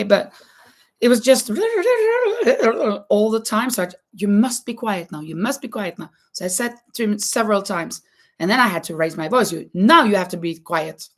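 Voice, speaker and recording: Norwegian-native woman host, casual crochet chat, halting and full of laughter, mid-range voice. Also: medium pitch, a little mellow. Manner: halting, many restarts and frequent laughter. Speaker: livestream host and schoolteacher.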